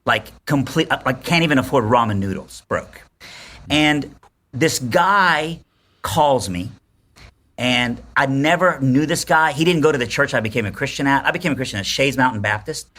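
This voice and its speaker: A man in his forties tells a personal story in a casual podcast chat, bright and forceful in tone. He brings it to life by acting out what each person said. The pitch sits in the middle for a man. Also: moderate pace. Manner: animated storyteller, acts out quotes. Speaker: podcast guest.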